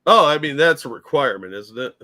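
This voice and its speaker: A man's voice: a little high, animated, quick pace, bright, forceful tone. A man co-hosting a live political reaction stream, bantering in a dry, easygoing way. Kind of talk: casual live reaction chat.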